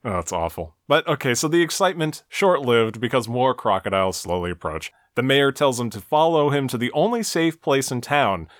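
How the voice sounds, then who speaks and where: A man's voice: mid-range voice, big pitch swings, brisk, hardly any pauses, no echo. A man co-hosting a podcast, walking through a cartoon episode beat by beat with dry, mocking asides. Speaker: podcast co-host. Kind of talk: casual recap of a cartoon episode.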